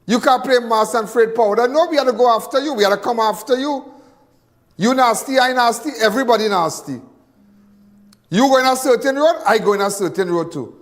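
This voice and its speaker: A high-pitched man rants angrily on a live crime show, repeating himself and restarting his sentences. His voice rings with a long hall reverb. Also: fairly quick. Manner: angry, repetitive, stumbling restarts. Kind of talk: impassioned live TV commentary.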